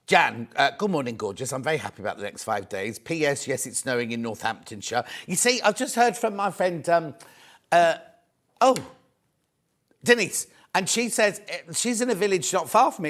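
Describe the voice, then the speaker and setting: Male British shopping-channel host, chatty patter, a little higher than most men, occasional cough. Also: fairly bright tone. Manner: chatty, reads out viewer messages, calls viewers "my love". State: coughing, mild throat trouble. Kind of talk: live TV selling, chatty.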